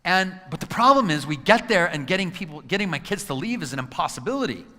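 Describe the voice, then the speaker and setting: A man's voice: high-pitched, quick pace. A man in his forties giving a live motivational talk, telling stories with acted-out quotes and asking the audience questions. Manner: animated storyteller who acts out quotes, asks the crowd questions. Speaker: motivational speaker. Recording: hall with long reverb.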